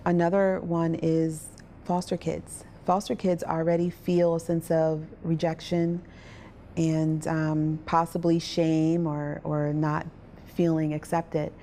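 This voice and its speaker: A woman earnestly telling her own story as a survivor advocate, with restarts, over soft music. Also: low voice, level tone, slow, a little hiss or hum. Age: adult parent. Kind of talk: personal testimony.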